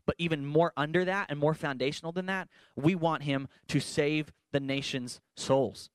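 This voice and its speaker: A man's voice: on the high side, moderate pace, smooth, no echo. A man, a pastor, giving an earnest and emphatic sermon-style talk in a church worship center, with playful asides.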